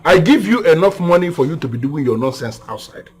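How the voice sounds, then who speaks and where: A man's voice: a little high, expressive, fairly quick, breathy edge. An older man with a Nigerian accent playing a stern father and head of the house in a film drama. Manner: stern, scolding.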